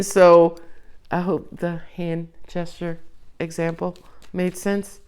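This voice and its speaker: A woman giving a casual tarot reading to her viewers, expressive and playful, coaxing them and laughing often. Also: lowish voice, slow, smooth. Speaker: tarot reader.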